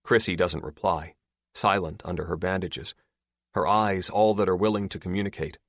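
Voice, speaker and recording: A man narrating an audiobook in a steady, measured reading. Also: low-pitched, dry recording, studio quality. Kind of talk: scripted narration.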